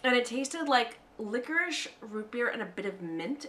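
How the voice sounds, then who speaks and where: A woman from the United States co-hosting a casual chat, playful and chatty and quick to laugh. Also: fairly high pitch, fairly bright tone. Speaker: co-host.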